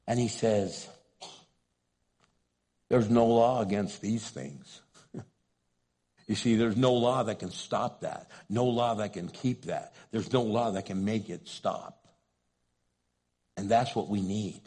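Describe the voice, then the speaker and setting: A man who is a pastor, preaching a sermon with passion, rising to loud pleading and dropping to hushed asides. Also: fairly low pitch, fairly even intonation, a little slow, slightly rough.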